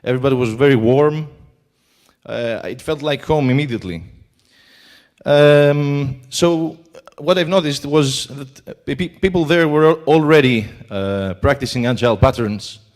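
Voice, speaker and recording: A man's voice: medium pitch, a little slow, a little mellow. A man with a Greek accent giving a talk at a conference, hesitant and full of filler sounds. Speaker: conference speaker. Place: conference hall.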